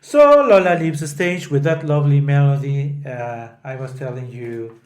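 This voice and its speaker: A man's voice: mid-range voice, moderate pace, darkish tone. A man hosting a podcast, retelling an opera scene by scene and breaking into sung snatches of the parts. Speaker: podcast host. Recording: roomy echo.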